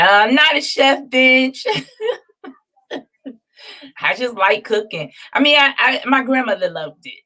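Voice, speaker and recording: Woman, vlog host, casual storytelling, low voice, vocal fry. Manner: chatty and animated, laughing often, dishing playful shade.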